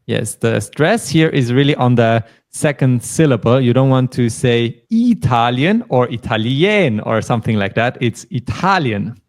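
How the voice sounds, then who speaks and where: A man's voice: medium pitch, fairly even intonation, normal speed, hardly any pauses, darkish tone. A man teaching a beginner lesson, patiently explaining pronunciation and asking his learner to repeat the words. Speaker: German teacher. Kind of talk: language lesson.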